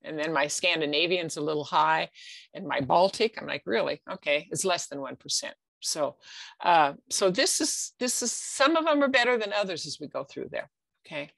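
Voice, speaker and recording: Middle-aged US woman presenter, conversational, low-pitched, dry sound. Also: lively intonation, normal speed, creaky, a bit bright, dry recording. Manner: conversational, frequent "okay?" and restarts. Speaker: genealogy presenter. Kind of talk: explaining slides in a talk.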